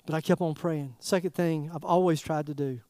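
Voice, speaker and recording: A man preaching a sermon in a folksy, animated way, throwing rhetorical questions at the congregation. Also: on the high side, brisk, no echo, clean studio sound. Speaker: pastor.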